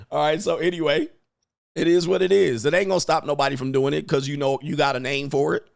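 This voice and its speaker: A man's voice: fairly high pitch, fairly even intonation, a little fast, gravelly, no room sound, studio quality. A man hosting a livestream, riffing in slangy talk, laughing often and mimicking people. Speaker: host and commentator. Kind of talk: livestream commentary.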